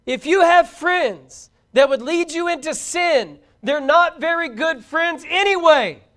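A fervent high-pitched male preacher. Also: lively intonation, slow pace. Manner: fervent, shouting out exhortations. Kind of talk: sermon.

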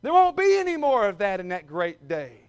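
A man preaching a sermon, reading scripture and calling his listeners friends, building from quiet storytelling up to shouted peaks. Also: high-pitched, sing-song, moderate pace, clear, resonant tone. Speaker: pastor.

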